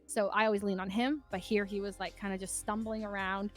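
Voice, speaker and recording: A woman's voice: medium pitch, level tone, fairly quick, faint music behind. A young woman in her twenties, a podcast guest telling a story casually and animatedly, full of "like" fillers.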